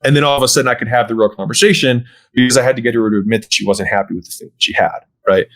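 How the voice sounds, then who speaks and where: A man as a podcast guest, explaining how he sells fitness programs in casual conversation and often checking in with a quick "right?". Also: mid-range voice, fairly even intonation, a bit bright, low-quality recording. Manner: acts out sales dialogue, often tags "right?". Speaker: podcast guest, gym business owner.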